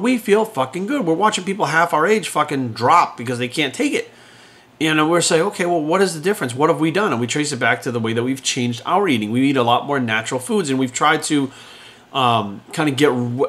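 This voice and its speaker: A man in his forties rants at a quick clip, blunt and heated. He swears constantly and talks like a fitness trainer. His voice sits at an average pitch. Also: a bit bright. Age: 40s. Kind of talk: unscripted rant to camera.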